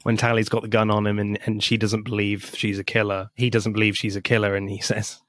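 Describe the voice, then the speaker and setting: A man's voice: on the low side, monotone, fairly quick, a bit bright, dry recording, clean studio sound. A man co-hosting a film podcast in casual chat, laughing as he quotes favorite lines from a film. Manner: amused, laughs while quoting favorite lines. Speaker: podcast co-host.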